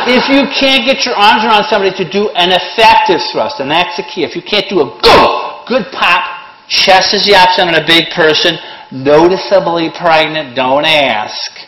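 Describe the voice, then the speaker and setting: Sarcastic, blunt man teaching a CPR class. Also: fairly high pitch. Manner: sarcastic, blunt, joking, lively. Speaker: CPR instructor. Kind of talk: classroom lesson with joking asides. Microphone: handheld or worn microphone. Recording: echoey room, faint noise.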